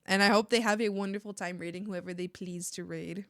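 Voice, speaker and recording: A young woman from Mexico chatting casually on an art stream, animated and ranting, laughing often and swearing casually. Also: medium pitch, a little fast, no room sound, clean studio sound. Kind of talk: casual live-stream chat.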